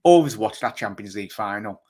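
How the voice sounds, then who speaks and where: Chatty Liverpool-accented football host. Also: male voice, fairly low pitch, animated, warm tone. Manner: chatty, fast, rambling with many fillers. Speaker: fan channel host. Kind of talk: live football chat reading viewer comments.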